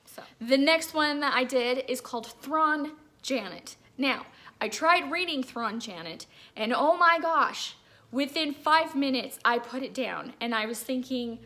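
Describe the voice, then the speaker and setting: A woman's voice: sits high, a little slow, pushed and bright. A woman in her thirties at home, chatting casually as she reviews books, rambling with lots of "like"s. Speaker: book reviewer. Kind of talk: casual chat.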